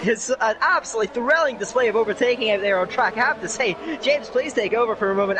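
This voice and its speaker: A male race commentator with a strikingly high voice calls the action with excitable play-by-play. The stream audio is noisy, with a clear hiss under his voice. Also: fast talker, few pauses. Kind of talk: live sim racing commentary.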